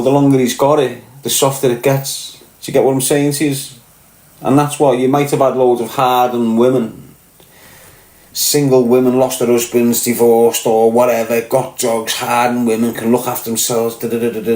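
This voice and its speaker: A man's voice: medium pitch, little pitch movement, moderate pace, darkish tone. Blunt Scouse man, echoey room. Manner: blunt, swearing, keeps asking "do you get what I'm saying". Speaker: podcast host. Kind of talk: casual monologue to camera.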